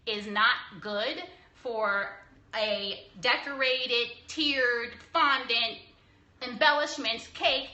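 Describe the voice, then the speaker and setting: A woman's voice: on the high side, extremely slow, pushed and bright, highs cut off. A young woman cake decorator answering viewers' questions on a casual live stream, blunt and preachy, with some laughs and mild swearing. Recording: echoey room.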